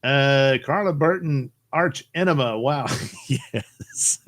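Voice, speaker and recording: Middle-aged male streamer, loose and jokey, lively pitch, dry close sound. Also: extremely slow, pauses often, dry recording. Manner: rambling, jokey, reads chat aloud. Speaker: live stream host. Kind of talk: casual live stream chat.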